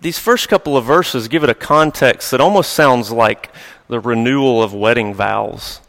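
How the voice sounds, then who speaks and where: A man's voice: medium pitch, normal speed, creaky, fairly bright tone. A male pastor giving a sermon in a conversational, storytelling way with light chuckles, recorded in a church sanctuary. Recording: long reverb of a large hall.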